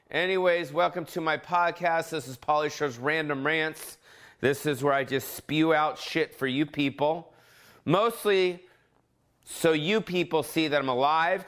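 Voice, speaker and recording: A man's voice: fairly high pitch, clear, resonant tone. A man hosting his own podcast, ranting casually from home with heavy swearing and sudden mock voices. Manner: profane, animated, jumps into mock voices. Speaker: podcast host. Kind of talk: casual solo rant.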